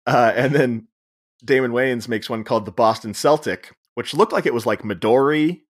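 A man's voice: medium pitch, normal speed. A man co-hosting a podcast, retelling a film's plot in casual chat, acting out the characters' lines and laughing often. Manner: storytelling, acts out quoted lines, laughs often. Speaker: podcast co-host. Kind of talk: casual chat recapping a film.

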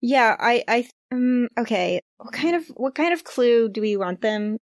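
A woman's voice: on the high side, expressive, unhurried, no room sound, studio quality. A woman playing a tabletop game, talking casually and rambling with many fillers. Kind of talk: casual actual-play chat.

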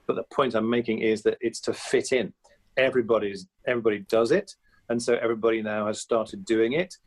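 Brief: male, fifties, lower pitch, relaxed anecdotal interview guest who talks through hesitations. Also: fairly quick. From England. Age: 50s. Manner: chatty and anecdotal, with many fillers and restarts. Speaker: guest comedian and impressionist. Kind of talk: reflective interview talk.

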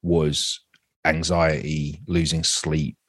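Man, 40s, very deep voice, dry recording, candid halting interview talk. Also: flat delivery, fairly bright tone, dry recording. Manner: candid, halting, with many restarts. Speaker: actor guest.

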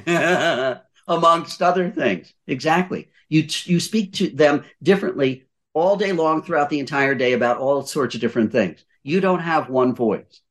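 A man's voice: a little high, moderate pace, a bit bright, a little hiss or hum. An older man giving voice-over advice in a podcast conversation, emphatic, repeating his points and asking rhetorical questions. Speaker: guest voice-over coach.

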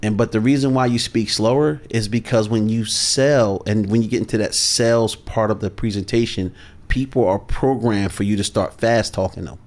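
A man talking as a sales coach guest in a podcast interview, measured, deliberate and authoritative. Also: lowish voice, a little mellow.

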